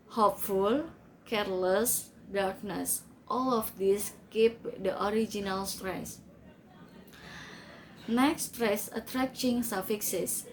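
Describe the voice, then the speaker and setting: A woman's voice: medium pitch, a little hiss or hum, low-quality recording. A young woman student giving a class presentation, reading carefully from her notes.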